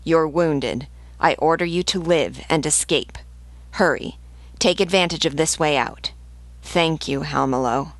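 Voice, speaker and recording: A woman's voice: low-pitched, unhurried, dry recording. A woman reading as a stern noble commander. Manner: commanding, resolute. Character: stern aristocratic male rebel commander.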